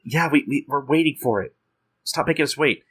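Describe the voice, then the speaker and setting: A man's voice: on the high side, fairly quick, a bit bright, breathy edge. A young man guesting on a casual podcast, talking hesitantly and often repeating words as he restarts. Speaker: podcast guest, fan translator.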